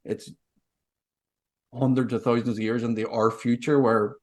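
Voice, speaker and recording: Guy rambling on a podcast, cursing a lot, middle-pitched voice. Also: level tone, measured pace. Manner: rambling, swears freely. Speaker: podcast co-host. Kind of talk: casual chat.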